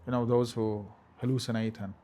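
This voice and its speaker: A man giving a religious lecture, talking emphatically and sometimes rising to forceful scolding, with Arabic phrases mixed in. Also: medium pitch, little pitch movement, brisk. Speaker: religious teacher.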